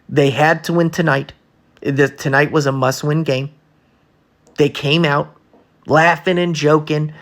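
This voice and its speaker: A man's voice: a little high, fairly bright tone. An angry man ranting in a casual sports vlog, blunt and slangy, stuttering and restarting his sentences as he talks. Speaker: sports vlogger. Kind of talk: casual sports commentary rant.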